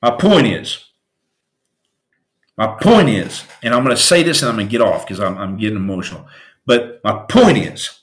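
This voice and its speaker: A man's voice: mid-range voice, very animated, moderate pace, long pauses, reverberant. A man hosting a podcast, telling stories in an impassioned, preachy motivational style that turns raw and emotional. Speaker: podcast host, former Navy SEAL.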